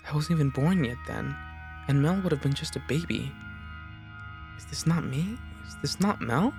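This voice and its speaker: A man's voice: a little high, lively intonation, moderate pace, vocal fry, music in the background. A man voicing an anxious young noble girl. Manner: anxious, self-scolding. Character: frightened fourteen-year-old noble girl.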